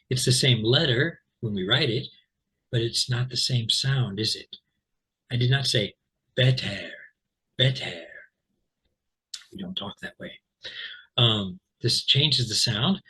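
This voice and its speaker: A man with an American accent from Central California, teaching English pronunciation in a relaxed, chatty way, full of ums and repeating words slowly as examples. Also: medium pitch, breathy edge, low-quality recording. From Central California, USA. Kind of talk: explaining pronunciation to learners.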